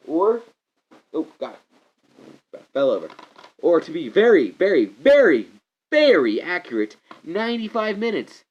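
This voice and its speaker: Rambling, animated man on dull camera audio. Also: high-pitched, a little slow, pauses often. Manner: animated, digressive, bursts into loud mock voices. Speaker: vlogger reviewing a movie. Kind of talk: rambling casual rant to camera. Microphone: camera mic.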